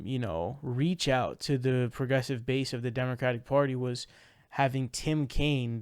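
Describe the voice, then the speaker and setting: A man's voice: medium pitch, a little mellow, clear, resonant tone, no echo, studio quality. A man giving casual political reaction commentary, ranting in exasperation with frequent swearing.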